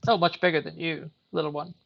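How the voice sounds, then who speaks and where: A woman playing a calm, secretive male merchant who bargains in formal, courteous speech. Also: low voice, brisk, gravelly, dry recording, lo-fi sound. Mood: smooth bargaining.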